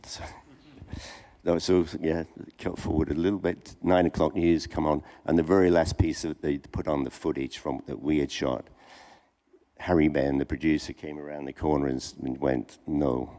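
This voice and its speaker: A man's voice: extremely low pitch, level tone, normal speed, mellow. A man on a festival panel telling a rambling anecdote to an audience, often restarting his sentences. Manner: rambling, self-correcting storyteller. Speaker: cinematographer panelist.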